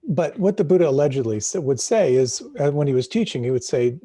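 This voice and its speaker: A middle-aged man leads a live meditation talk in a reflective, questioning way, often restarting and repeating words. His voice is husky and mellow, with a gravelly edge. The sound is dry and close. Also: mid-range voice, expressive, brisk, no echo. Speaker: meditation teacher.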